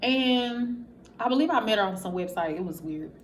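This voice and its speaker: A woman's voice: fairly high pitch, moderate pace, slight background noise. Candid, profane woman telling her story. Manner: candid and profane, addresses viewers directly; animated, acts out quotes of others. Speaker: vlogger. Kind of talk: casual confessional storytelling.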